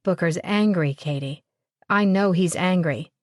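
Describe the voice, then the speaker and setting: A woman's voice: fairly low pitch, measured pace, a little mellow, dry recording, clean studio sound, close to an everyday voice. Woman doing a childlike, worried simple man. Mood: troubled. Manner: plain repetitive speech.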